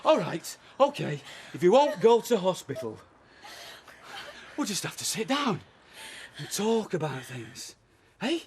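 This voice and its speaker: An actor playing a neighbour in a television soap drama who urgently takes charge of rescuing a friend and coaxes him along. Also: male voice, high-pitched, very animated, a little slow, pauses often, slight background noise, heavily acted. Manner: urgent, commanding, coaxing.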